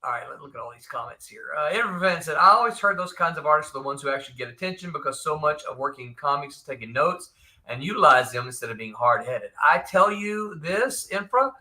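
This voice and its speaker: A man hosting a casual live-stream chat, an animated storyteller who laughs often and restarts his sentences. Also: fairly high pitch, fast. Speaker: host, former comics editor.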